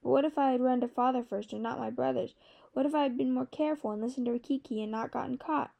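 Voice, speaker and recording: Woman narrating in a mellow voice. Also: sits high, vocal fry, lo-fi sound. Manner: measured, storytelling. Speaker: audiobook narrator. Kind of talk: scripted narration.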